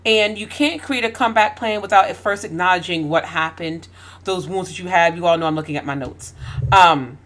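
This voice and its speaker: A woman's voice: on the low side, a little fast, fairly bright tone. A woman host giving an emphatic faith-based motivational talk, full of rhetorical questions.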